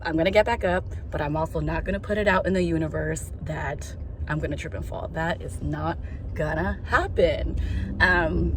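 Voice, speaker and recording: A woman's voice: mid-range voice, noisy background. A young woman emceeing a live award ceremony, bubbly and playful as she works the crowd. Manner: bubbly, playful and hyped, talks straight to the crowd. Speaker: event MC. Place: event venue with a live audience.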